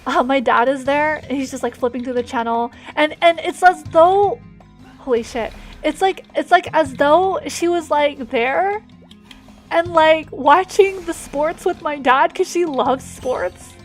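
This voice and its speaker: Woman, high voice, candid storytelling, emotional, lots of restarts, faint music behind. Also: a little slow. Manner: emotional, loud swings, frequent fillers and restarts. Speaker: streamer.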